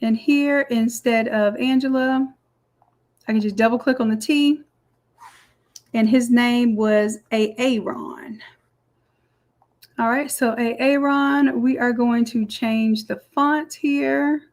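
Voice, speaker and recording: A woman walking through a design software tutorial step by step in a chatty, explaining way. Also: sits high, fairly even intonation, measured pace. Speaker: design instructor. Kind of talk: screen-recorded software tutorial.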